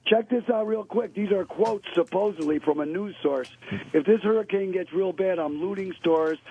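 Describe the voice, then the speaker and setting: A man's voice: sits high, normal speed, breathy edge. A man calling in to a radio show, slangy and joking in casual chat over a phone line.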